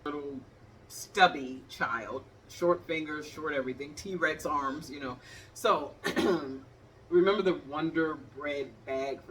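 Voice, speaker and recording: A woman's voice: low-pitched, slow, a bit bright, recorded from a distance, slight background noise. A woman in her fifties, from the Cleveland area, telling funny stories and acting out the scenes while she talks to the viewer. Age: 50s. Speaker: vlogger. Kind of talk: animated comedic storytelling.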